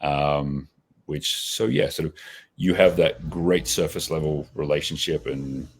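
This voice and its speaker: Forties Australian male guest, extremely deep voice, reflective and conversational. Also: fairly even intonation, a little slow, breathy edge. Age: 40s. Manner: reflective, with many restarts and tag questions. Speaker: podcast guest. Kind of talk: casual interview answers.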